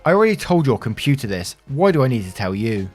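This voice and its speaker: A man's voice: mid-range voice, big pitch swings, fast talker, faint music behind, natural voice. A man voicing an irate entitled caller. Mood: furious. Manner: ranting, abusive, self-important. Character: irate entitled male caller, shouting and threatening.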